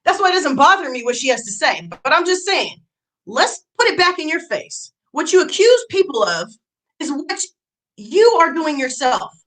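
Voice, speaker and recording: High-pitched woman ranting on stream, swearing a lot, voice all over the place, bright and sharp. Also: sing-song, moderate pace. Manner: heated, profane, repeats lines for emphasis. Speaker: YouTube streamer. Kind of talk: angry ranting livestream.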